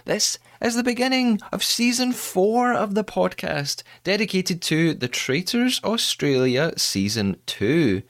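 Lively, chatty male podcast host. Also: high-pitched, a little slow, few pauses. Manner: chatty, playful, self-mocking. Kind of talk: casual podcast monologue.

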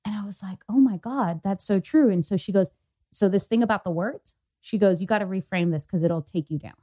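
A woman's voice: mid-range voice, fairly even intonation, fairly quick, mellow. A young adult woman co-hosting a podcast, telling a personal story in casual chat, quoting others with lots of fillers. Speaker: podcast co-host.

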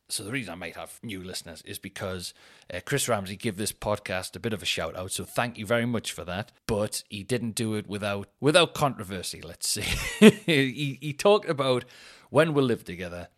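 A man chats alone into his podcast mic, sweary and animated. He rants with a lively voice that jumps up in pitch and loudness whenever something annoys him. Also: moderate pace. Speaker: podcast host. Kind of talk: casual solo chat. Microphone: headphones in, home podcast mic.

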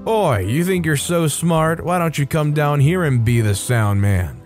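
A man's voice: fairly high pitch, a little slow, faint music behind, pitched above the performer's own voice, lightly acted. A man voicing a big, intimidating soundman who mocks and challenges a teenager. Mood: sneering. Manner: mocking, challenging. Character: big intimidating male soundman, gruff and sneering.

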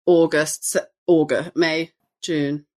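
A woman's voice: sits low, steady tone, slow pace, a little mellow. A woman co-hosting a cookbook podcast, joking bluntly in casual chat. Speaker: podcast co-host.

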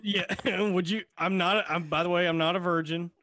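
Goofy self-mocking man, high voice. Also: steady tone, normal speed, sharp tone. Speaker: podcast co-host. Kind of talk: casual chat. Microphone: video call.

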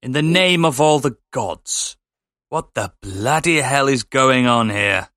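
A man's voice: mid-range voice, lively intonation, takes it slowly, fairly bright tone. A man doing a plummy posh adventurer. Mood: indignant. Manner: plummy exclamations. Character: posh old-fashioned adventurer, jolly, genteel.

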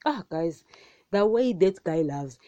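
A woman hosting a devotional podcast, talking casually and excitably, often addressing listeners as guys. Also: on the low side, slow, dry recording, muffled recording. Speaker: podcast host.

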